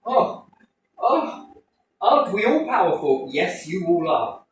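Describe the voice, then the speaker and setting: A man's voice: sits high, slow pace. A man speaking to a group in a playful, rambling way, swearing freely and acting out quotes. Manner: animated, cheeky, swears freely, acts out quotes. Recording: echoey room, distant mic, faint noise.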